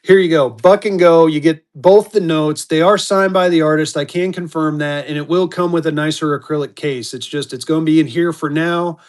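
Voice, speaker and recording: A man's voice: a little high, fairly even intonation, moderate pace, hardly any pauses. Hyped man running live auctions. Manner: hyped auctioneer patter, repeats calls. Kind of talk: live-stream auction selling.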